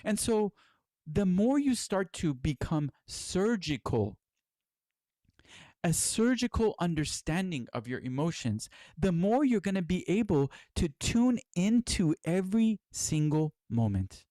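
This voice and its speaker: A man's voice: sits high, sing-song, measured pace, mellow, no room sound, clean studio sound. A middle-aged man giving a spiritual lecture as its teacher, earnest and exhorting, with casual swearing.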